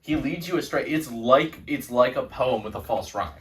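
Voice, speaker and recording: Deadpan young man, mock-serious. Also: mid-range voice, normal speed, distant mic. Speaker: quiz guest. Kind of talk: casual chat.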